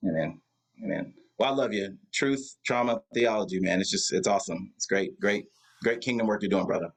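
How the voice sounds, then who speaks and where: His voice is lowish and husky, his delivery brisk, and the audio poor. This guest pastor from the Atlanta area, United States, chats informally over a video call, rambling through many fillers and restarts.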